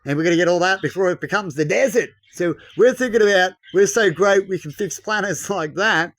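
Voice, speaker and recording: A man's voice: high-pitched, fairly quick, a bit bright. A man rambling bluntly in a casual monologue, lecturing a listener and tossing in tag questions and mild swearing. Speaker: vlogger.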